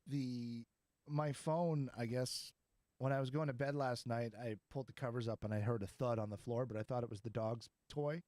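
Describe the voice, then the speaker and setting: A man's voice: mid-range voice, fairly even intonation, normal speed, darkish tone, dry recording. A man hosting a podcast, talking in a casual, rambling way and laughing easily. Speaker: podcast host. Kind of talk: casual chat.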